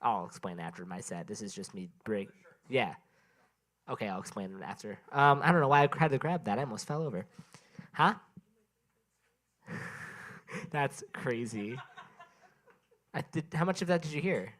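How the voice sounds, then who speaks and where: A man's voice: mid-range voice, expressive, normal speed, long pauses, fairly bright tone. A man doing a stand-up set at an open mic in a small venue, sleep-deprived and rambling, breaking off to chat with the crowd. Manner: rambling, self-interrupting, chatting with the crowd.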